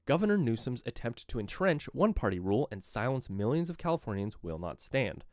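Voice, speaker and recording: A male live streamer reads political news aloud, then launches into profane, mocking rants. His pitch swings widely from low to high as he talks. The sound is dry and close, with no room echo. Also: a little mellow.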